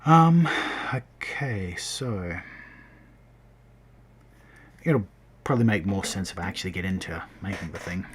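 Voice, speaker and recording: Man, very low voice, casual rambling tutorial, self-correcting, faint keyboard noise behind. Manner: rambling, self-correcting, talking while working. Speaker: game developer streamer.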